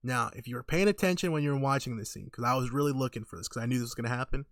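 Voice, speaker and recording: A young man hosting a casual podcast chat, retelling cartoon scenes in a loose, profane way and dropping into quick voices for the characters. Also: medium pitch, no room sound, clean studio sound. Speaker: podcast co-host.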